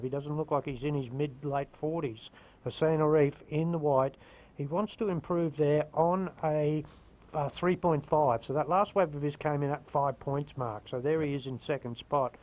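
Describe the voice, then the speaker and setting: A man's voice: a little high, fairly even intonation, moderate pace, a little mellow, rough recording. A man commentating live surfing from a booth, chatty and enthusiastic. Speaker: surf commentator.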